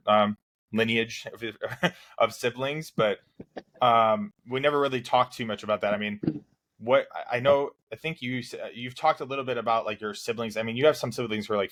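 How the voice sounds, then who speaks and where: Male podcast host, lowish pitch, loose conversational questions. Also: a bit bright. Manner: rambling questions full of fillers and restarts. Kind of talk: casual interview.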